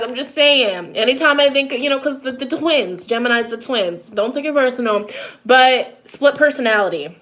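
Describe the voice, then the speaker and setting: A woman's voice: high voice, lively intonation, moderate pace, a bit bright. A woman tarot reader speaking to camera in a casual reading, direct and repetitive, with chatty asides about herself. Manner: direct, repetitive, addresses listeners as a sign.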